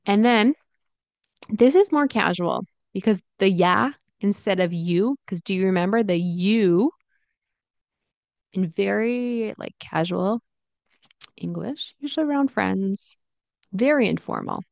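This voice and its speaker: A woman gives an English pronunciation lesson at a very slow, careful pace, with a gravelly edge of vocal fry in her voice. She says each example phrase several times. The sound is dry and close, with no room echo. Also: mid-range voice, animated, darkish tone.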